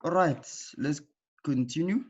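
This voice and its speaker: Man teaching online, patient, repeats himself, fairly high voice, dull lo-fi sound. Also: unhurried, breathy edge. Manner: patient, repeats key points with frequent "okay?" checks. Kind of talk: online class lesson. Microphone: computer mic in an online class.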